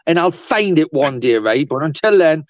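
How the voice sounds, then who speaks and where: A man's voice: a little high, lively intonation, moderate pace, dry recording, lo-fi sound. A man talking as a guest on a live panel, chatty and sweary with lots of restarts. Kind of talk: casual panel chat.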